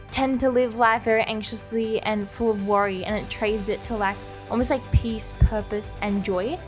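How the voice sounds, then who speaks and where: A young woman, co-hosting a casual faith podcast, talking earnestly and heartfelt with lots of "like" and "you know". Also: mid-range voice. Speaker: podcast co-host.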